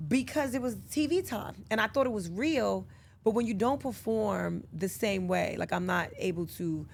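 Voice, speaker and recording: A woman's voice: mid-range voice, moderate pace, creaky, a little mellow, slight background noise. A woman guest in casual interview chat, who tells stories animatedly and acts out the lines she quotes. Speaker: podcast guest.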